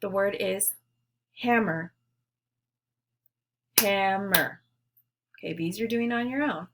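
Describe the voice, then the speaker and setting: A woman teacher leading young children through a phonics lesson, giving words slowly and clearly for them to repeat. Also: mid-range voice, background noise. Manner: slow, clear, leading call-and-response drills.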